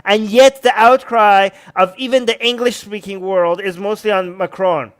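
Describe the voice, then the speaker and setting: Male co-host, very high pitch, angry profane ranter. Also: fairly even intonation, moderate pace, fairly bright tone, smooth. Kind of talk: heated political commentary.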